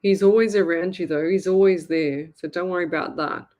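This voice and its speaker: An Australian woman hosting a live psychic reading, speaking in a sympathetic, halting way and repeating herself often. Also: fairly low pitch, fairly even intonation, dark tone. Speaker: psychic medium host.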